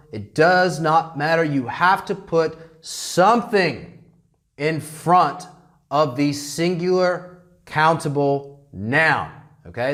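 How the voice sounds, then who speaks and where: Lively American man teaching grammar slowly. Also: a little high. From United States. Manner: animated, checks in constantly with "okay?". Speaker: English teacher. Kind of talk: classroom grammar lecture.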